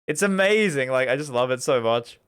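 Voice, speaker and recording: Excitable young male streamer, lively pitch. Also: noisy background. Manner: excitable, chatty, quick to laugh, filler-heavy. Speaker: gaming streamer. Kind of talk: casual live-stream commentary, reading game text aloud. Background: game music.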